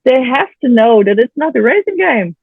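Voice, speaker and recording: A mother in a casual interview, chatty and animated, who laughs often and sometimes searches for words. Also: sits high, normal speed, gravelly, breathy edge, no echo. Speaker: program participant sharing her story. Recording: tinny phone-line audio, dry.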